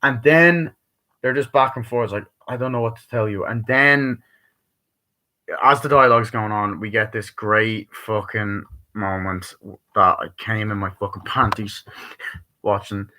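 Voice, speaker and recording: Bright-voiced man rambling through a review. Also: on the low side, unhurried, poor audio. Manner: rambling, profane, acts out quoted dialogue. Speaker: movie reviewer. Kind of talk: casual spoken movie review.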